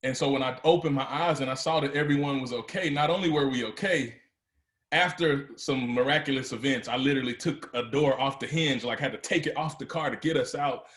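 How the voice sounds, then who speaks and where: A man's voice: medium pitch, brisk, fairly bright tone, reverberant. A man giving a motivational speech to a live audience, telling his story and building to emphatic, rising peaks. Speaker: motivational speaker.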